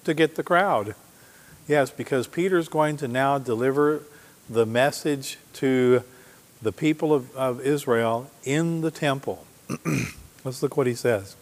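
A man's voice: mid-range voice, unhurried, in a large hall. A man preaching a sermon, reading scripture aloud with emphasis and asking the congregation questions. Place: church sanctuary.

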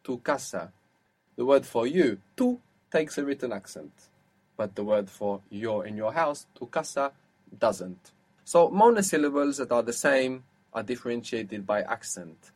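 A man teaching a one-to-one language lesson, explaining patiently and slowing down to model words. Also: mid-range voice, animated, a little mellow, slightly rough.

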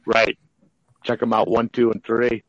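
Give me a man co-hosting a podcast, slow and halting, with a dull, dry lo-fi sound. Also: medium pitch, monotone, no room sound. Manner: slow, halting, with many fillers. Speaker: podcast co-host. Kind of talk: casual chat.

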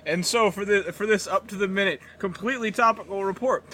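A very high, sharp male voice hosts a comedy podcast, crude and joking, often in a mock newscaster delivery. Faint noise sits under the recording. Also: fairly quick. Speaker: podcast host. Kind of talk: casual comedic banter.

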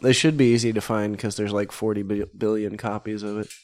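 Laid-back low-voiced man chatting. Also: flat delivery, brisk, darkish tone. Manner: laid-back, rambling, hums tunes. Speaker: podcast co-host. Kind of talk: casual chat.

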